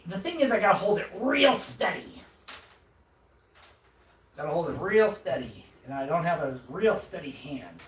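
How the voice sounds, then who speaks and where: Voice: medium pitch, far from the mic. Self-mocking streamer, off-mic in an echoey room. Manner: rambling, self-mocking running commentary with stammered restarts. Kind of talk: casual live-stream chat while assembling furniture. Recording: roomy echo, off-mic, faint noise.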